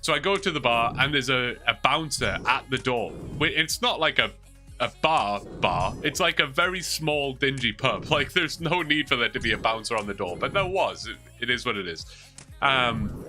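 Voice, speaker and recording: A man's voice: medium pitch, bright, forceful tone. A young man with a Geordie accent, chatting casually to his livestream viewers and rambling through stories with lots of fillers. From Newcastle, England. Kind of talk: casual chat to stream viewers.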